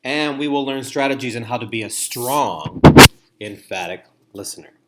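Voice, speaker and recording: A man's voice: mid-range voice, lively intonation, normal speed, heavy background noise. A man giving a training lecture on listening to foster parents, repeating key phrases and acting out example remarks.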